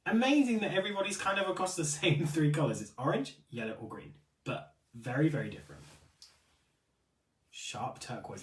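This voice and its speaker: A chatty man hosting a live stream, his pitch swinging up and down as he reads out viewer comments. He sounds set back from the mic in a roomy, echoing space. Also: normal speed, recorded from a distance. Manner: chatty, apologetic and animated. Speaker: livestream host for a beauty retailer.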